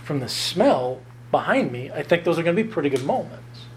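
With a fairly high pitch and a very animated delivery, a man preaches on a Bible passage, earnest and emphatic. He draws key words out slowly and adds light self-deprecating humor, with slight background noise in the recording.

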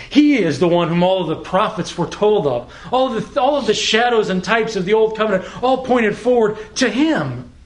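High-voiced man preaching a sermon. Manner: earnest, repeats words when searching, slows for emphasis. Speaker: pastor.

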